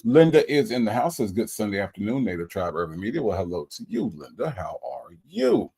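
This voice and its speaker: Man, livestream host, lively sing-song pitch, playful, greeting chat. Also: fairly quick, breathy edge. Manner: animated, greets viewers one by one, playful. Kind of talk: casual livestream chat reading viewer comments.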